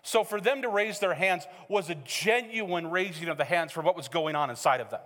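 A middle-aged male pastor preaching a sermon in a church, animated and joking, acting out quotes as he tells stories. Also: high voice, a little fast. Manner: animated, joking storyteller who acts out quotes. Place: church sanctuary. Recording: hall reverb.

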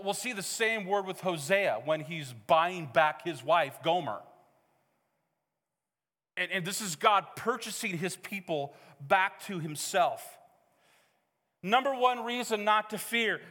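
Middle-aged guy preaching, highish voice, jokey and chatty, big echoey church. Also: bright, forceful tone. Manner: conversational, joking preacher. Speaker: pastor. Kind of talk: sermon. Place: church hall. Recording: reverberant church hall.

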